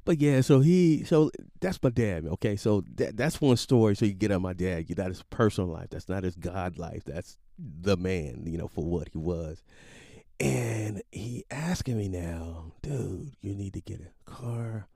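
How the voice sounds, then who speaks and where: A man in his late forties casually telling a personal story, animated and slangy, with sound effects. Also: low voice, measured pace, no room sound, studio quality. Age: 40s. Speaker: podcast storyteller.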